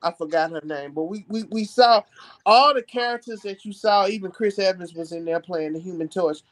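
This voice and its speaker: A man hosting a casual film discussion, animated and repeating phrases for emphasis. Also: sits high, a little fast, rough recording. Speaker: podcast host.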